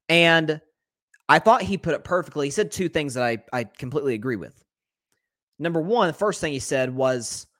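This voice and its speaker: A man's voice: on the high side, fairly bright tone. A man hosting a solo sports talk show, emphatic and rattling off stats. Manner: rapid-fire stat listing, emphatic.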